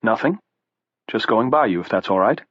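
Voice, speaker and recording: A man's voice: medium pitch, lively intonation, normal speed, breathy edge, no room sound, muffled recording, pitched above the performer's own voice. A man voicing a mild but bitter middle-aged man who speaks in a dry, sardonic way.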